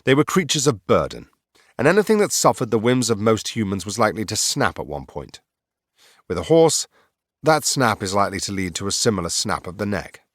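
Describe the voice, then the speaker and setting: Male audiobook narrator, deep, wry and sardonic, dry close sound. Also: big pitch swings, a little fast, a bit bright, no room sound. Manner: wry, sardonic first-person ghost narrator. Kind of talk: scripted narration.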